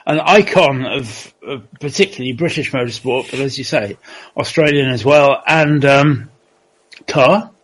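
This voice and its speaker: A man's voice: medium pitch, unhurried, breathy edge, low-quality recording. A man co-hosting a casual chat who speaks hesitantly, searching for words.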